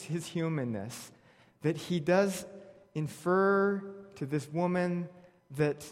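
Man preaching in an echoing hall. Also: a little high. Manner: lively storytelling, wry humor, reads verses aloud. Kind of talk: sermon. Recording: long reverb of a large hall.

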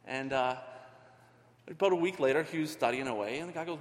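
A man's voice: mid-range voice, animated, brisk, in a large hall. A middle-aged man giving an earnest, conversational sermon as a ministry leader, often restarting his phrases.

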